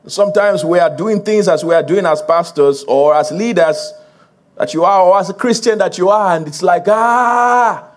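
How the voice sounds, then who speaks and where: A man's voice: high-pitched, normal speed, a little mellow. A man preaching a sermon as a pastor to his congregation, building emphasis with repeated phrases and laughing along with the crowd.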